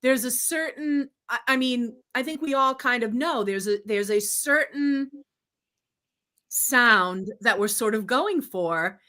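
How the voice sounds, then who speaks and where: A woman's voice: fairly high pitch, slow pace, pushed and bright. A woman co-hosting a casual spiritual podcast, explaining thoughtfully with some fillers, and reading a passage aloud. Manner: thoughtful, with many fillers and restarts, reads quotations aloud. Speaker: co-host.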